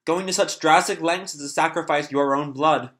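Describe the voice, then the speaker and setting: A man's voice: on the high side, steady tone, normal speed, a bit bright, lightly acted. A man voicing a suave, formal, mocking male demon butler while reading a comic aloud. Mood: menacing.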